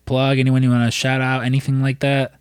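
A man's voice: mid-range voice, completely flat delivery, fairly quick, clean tone, no echo, studio quality. An American man hosting a podcast in casual chat, rambling through a story and swearing often. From United States. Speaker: podcast host.

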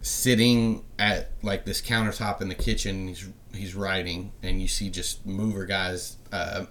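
A man's voice: deep voice, level tone, a little slow, a bit bright, a little hiss or hum. A man narrating as game master of a tabletop game, rambling along with many fillers.

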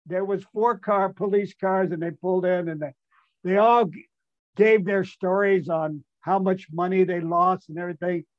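A man's voice: high-pitched, fairly even intonation, normal speed, no room sound. An older man, a retired ballplayer guest, telling a rambling, self-amused anecdote full of restarts and fillers over muffled call audio. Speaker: guest, retired baseball player. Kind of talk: storytelling anecdote.

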